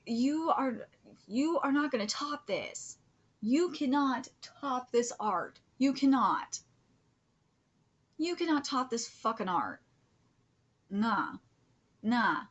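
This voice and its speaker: A woman streaming a live manga reaction, gushing, cursing freely and often dropping into breathy whispers. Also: fairly high pitch, lo-fi sound. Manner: gushing, swears a lot, drops into whispers.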